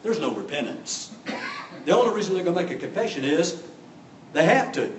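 Animated preacher with a wide-swinging high voice. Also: male voice, a little fast, a little hiss or hum. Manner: dramatic, acts out voices of the story. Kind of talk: animated sermon storytelling. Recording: echoey room from a distance.

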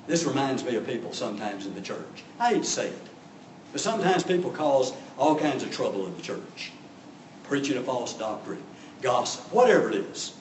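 A man's voice: a little high, sing-song, normal speed, a little hiss or hum. A man preaching a sermon, telling the story with drama and acting out voices. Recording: echoey room from a distance.

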